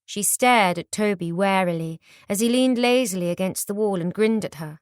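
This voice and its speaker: A woman narrating an audiobook in a steady, measured storytelling manner. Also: medium pitch, clear, resonant tone, no echo, clean studio sound.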